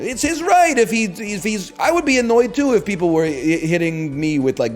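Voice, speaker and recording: A man streaming a game and chatting casually, animated and joking, with frequent swearing. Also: a little high, moderate pace, soft background music. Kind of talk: casual chat while gaming.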